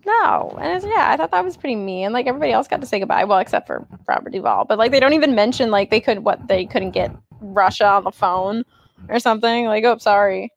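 A woman's voice: a little high, sing-song, quick pace, creaky, highs cut off. A woman chatting casually about a film, blunt and sarcastic and free with swearing. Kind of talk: casual movie discussion.

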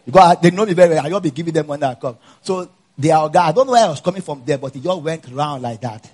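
Fast and lively in intonation, this Nigerian-accented pastor threads a personal story through his sermon. He lowers his voice for asides and gets loud as he preaches.

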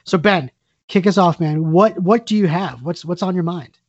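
A man's voice: sits high, normal speed, dry recording. Upbeat podcast guy, kinda hesitant, dry muffled sound. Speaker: podcast co-host. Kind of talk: casual podcast chat.

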